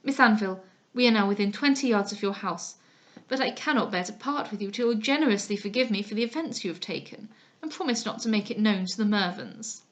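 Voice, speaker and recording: Ardent gentleman suitor, read by a woman: effusive, flowery, insistent. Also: medium pitch, animated, a little fast, close to an everyday voice. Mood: coaxing. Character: smooth, ardent male gentleman suitor, pushy. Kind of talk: dramatized audiobook reading.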